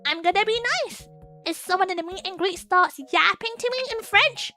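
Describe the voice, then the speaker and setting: A woman chatting casually with her live chat as a streamer host, giggly and excitable, laughing often as she talks. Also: extremely high pitch, moderate pace, faint music behind.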